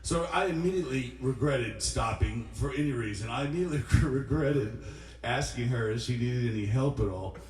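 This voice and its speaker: A man's voice: medium pitch, moderate pace, darkish tone, recorded from a distance. A young male singer-songwriter tells a rambling, joking story between songs in a mid-range voice. The studio sounds roomy and he is a little off the mic, with a guitar faintly behind. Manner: rambling, self-deprecating, joking. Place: recording studio, live stream.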